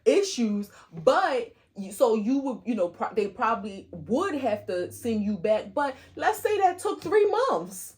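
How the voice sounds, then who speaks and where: A woman's voice: on the high side, very animated, a little slow, few pauses. A woman co-hosting a podcast in casual chat, earnestly building hypothetical scenarios to make her point. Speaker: podcast co-host.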